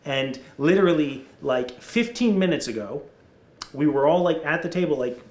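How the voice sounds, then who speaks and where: A man's voice: a little high, moderate pace. Chatty man in a roomy office. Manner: rambling, energetic, restarts often. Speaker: podcast co-host. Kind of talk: casual podcast chat. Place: conference room in an office.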